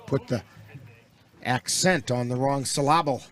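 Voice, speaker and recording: A man calling baseball play-by-play for a local webcast, with relaxed, folksy asides between pitches. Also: unhurried. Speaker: play-by-play announcer.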